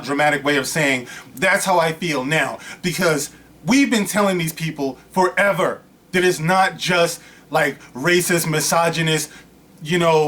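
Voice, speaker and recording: A man with a fairly high-pitched voice delivers a loose, rambling rant straight to his audience. He talks casually, piling on asides and winding tangents as he builds his point. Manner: animated, rambling, storytelling with many asides. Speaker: vlog host.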